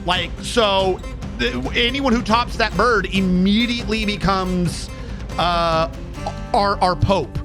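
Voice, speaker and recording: Male streamer, high voice with big swings in pitch, profane rambling chat over faint music. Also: takes it slowly. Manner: profane, animated storytelling, counting under his breath. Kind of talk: casual rambling commentary while playing a game.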